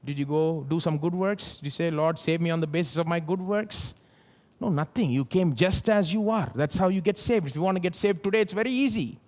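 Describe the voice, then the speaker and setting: A male pastor with an Indian English accent preaching at a live church service, asking the congregation rhetorical questions and swinging between loud and soft. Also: on the high side, brisk. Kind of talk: sermon.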